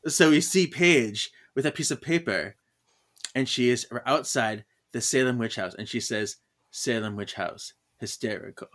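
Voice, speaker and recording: A man's voice: medium pitch, moderate pace, a bit bright. A man co-hosting a podcast, recapping a comic with laughter and acted-out lines. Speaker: podcast host. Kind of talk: casual chat about comics.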